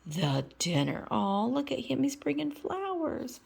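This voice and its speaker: A woman's voice: high voice, sing-song, measured pace, creaky, a little mellow, breathy edge. A woman vlogger reading a storybook aloud, with chatty asides between passages.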